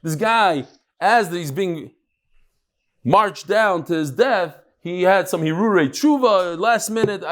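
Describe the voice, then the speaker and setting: A middle-aged man giving a Talmud lecture, reading the text aloud and retelling stories in an animated way. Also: sits high. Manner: animated, quick storytelling with Hebrew-Aramaic reading. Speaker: Talmud teacher.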